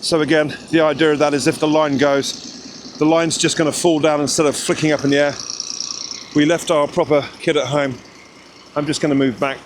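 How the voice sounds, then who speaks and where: A man's voice: a little high, level tone, moderate pace, slight background noise. A man vlogging outdoors in the snow, chatty and reassuring as he gives directions. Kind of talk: casual vlog chat.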